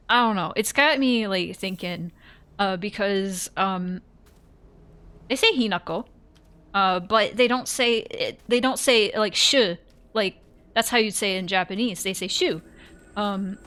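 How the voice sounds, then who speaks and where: A woman streamer chatting casually during a horror game, telling rambling, animated stories and yelping at scares. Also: mid-range voice. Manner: rambling, animated storytelling with sudden yelps. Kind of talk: casual live-stream chat.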